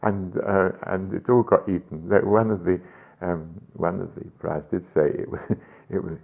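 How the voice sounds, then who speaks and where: Older man, very deep voice, chuckling anecdotes, hesitant, tinny phone-like audio. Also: steady tone, moderate pace, gravelly. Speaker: rabbi and guest. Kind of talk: radio interview conversation.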